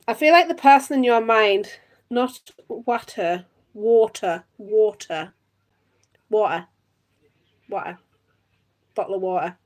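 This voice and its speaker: This tarot reader is a Northeast English woman in her thirties, speaking with that local accent and a slightly high voice. She chats with viewers during a live-streamed reading, full of giggles.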